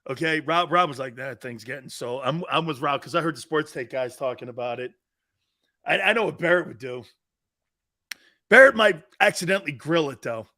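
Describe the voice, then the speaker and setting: A brash man hosting a sports talk show. He rambles loudly from one gripe to the next and breaks into laughter. His slightly high voice rises and falls in big, lively swings. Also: a little fast.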